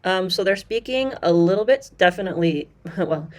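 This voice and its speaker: A woman's voice: on the low side, expressive, moderate pace. A woman giving casual commentary as she reviews a language course, explaining points in a chatty way with many fillers and restarts.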